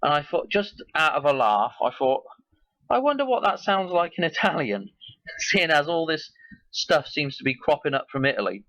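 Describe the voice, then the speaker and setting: A man's voice: a little high, very animated, moderate pace, a bit bright, dry recording, poor audio. A man hosting his own video, talking casually and in a rambling way as he links one idea to the next. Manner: musing, loosely connects ideas. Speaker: video host.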